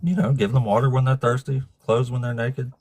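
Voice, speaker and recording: A man in the middle of a casual online debate, relaxed and dryly sarcastic, with an even, ordinary pitch. His voice is close and dry, with no room sound behind it. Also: brisk, no room sound. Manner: laid-back, dry and sarcastic. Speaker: atheist debate host. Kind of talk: casual live-stream debate.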